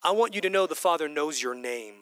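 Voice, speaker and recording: A man preaching a sermon to his congregation, animated, swinging between loud bursts and hushed whispers. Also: a little high, a little fast, clean tone, dry recording. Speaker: pastor. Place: church hall with congregation.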